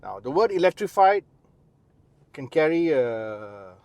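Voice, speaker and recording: A man reviewing a car in a chatty, explanatory way, addressing the viewer directly. His voice sits a little high. The sound is close and dry. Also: sing-song, slow pace, a little mellow, no room sound. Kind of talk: casual car review walkaround. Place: beside and then inside a car.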